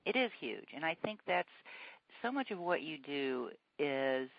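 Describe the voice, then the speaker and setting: A man's voice: fairly high pitch, sing-song, unhurried, no echo. A man hosting a casual chat about dogs, enthusiastic and agreeable. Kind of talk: casual conversation. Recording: muffled lo-fi sound.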